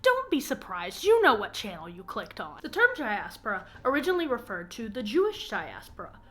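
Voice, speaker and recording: A woman hosts an educational vlog explaining an anthropology topic, peppering it with self-mocking, nitpicking asides. Her voice is on the high side and a bit bright, swooping wildly in pitch as she talks a little fast.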